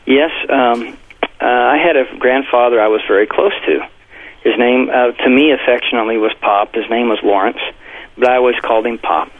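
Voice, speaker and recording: In a brisk, mid-range voice, a male pastor and author shares a personal anecdote in an interview, animatedly acting out what was said with a raised voice. The audio comes through tinny, as if broadcast over a phone.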